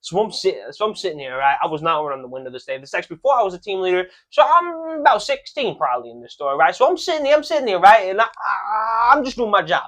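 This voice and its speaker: Fast-talking young man, profane and animated. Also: sits high. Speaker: podcast co-host. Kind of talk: casual podcast chat.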